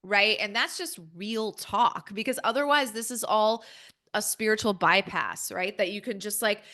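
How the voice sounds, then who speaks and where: Woman guest on a podcast, talks real candid and punchy, acts out her own inner voices, pretty bright tone. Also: mid-range voice, normal speed.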